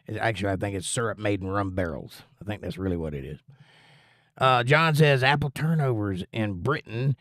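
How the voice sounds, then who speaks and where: A man's voice: on the low side, normal speed, fairly bright tone, no echo, clean studio sound. A man hosting a casual livestream, chatting in a rambling, folksy way and reading viewer comments aloud. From United States. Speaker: livestream host.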